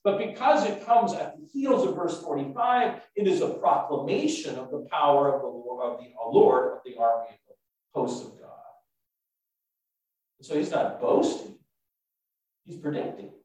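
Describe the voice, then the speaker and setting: Animated man preaching in an echoey room. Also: fairly high pitch. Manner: animated, self-mocking, halting restarts. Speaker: preacher and tour guide. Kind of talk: sermon with storytelling. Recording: echoey room, mic far off.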